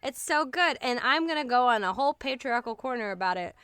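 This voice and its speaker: A woman hosting a casual comedy podcast, her voice bright, smooth and a little high. She jokes and swears freely and laughs often, recorded close and dry. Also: expressive, fast, dry recording. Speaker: podcast co-host.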